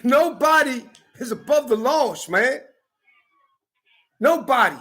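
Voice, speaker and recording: A man delivering a heated, profane rant to camera, often breaking into shouts. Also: extremely high pitch, very animated, measured pace, long pauses, husky. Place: California.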